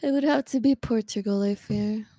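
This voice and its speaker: A woman's voice: on the high side, normal speed, dark tone, no room sound. A woman co-streaming a game, reasoning aloud in a hesitant, filler-heavy way. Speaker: co-streamer and voice actor. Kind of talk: casual gameplay chat.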